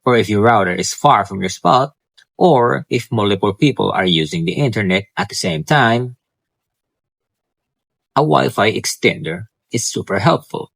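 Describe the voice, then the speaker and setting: A man's voice: fairly low pitch, expressive, normal speed, creaky, fairly bright tone, husky, no room sound. A male student vlogger casually and eagerly talking through his home tech, with small slips and restarts. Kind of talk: casual tech vlog talk. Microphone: clip-on wireless mic.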